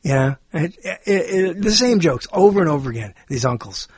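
High-voiced rambling male host. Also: big pitch swings, moderate pace, darkish tone, slightly rough, dry recording. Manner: rambling, self-deprecating, jumps between topics. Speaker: talk show host. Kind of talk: rambling monologue.

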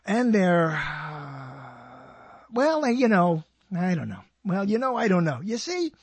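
Slow and very animated, the older man speaks in a high-pitched, breathy-edged voice, captured dry. He's hosting his own radio program, wandering through a joking solo monologue and often stopping mid-sentence.

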